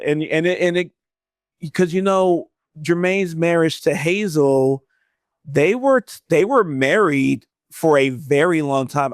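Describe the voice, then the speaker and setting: A man's voice: a little high, dry recording, clean studio sound. A man co-hosting a podcast in casual chat, talking animatedly and enthusiastically with frequent restarts. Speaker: podcast co-host.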